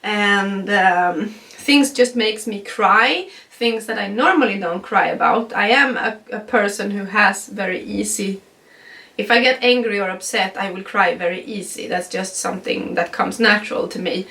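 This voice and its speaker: A woman's voice: medium pitch, a little slow, bright, forceful tone, distant mic. Stuffy-nosed Swedish woman chatting in a vlog. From Sweden. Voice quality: nasal. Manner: chatty, frequent ums, laughs between sentences. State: stuffy nose. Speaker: vlogger. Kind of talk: casual pregnancy update vlog.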